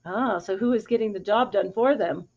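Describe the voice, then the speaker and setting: A woman reading a picture book aloud to a child in an animated, expressive way, pausing to ask questions. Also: medium pitch. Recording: dull lo-fi recording.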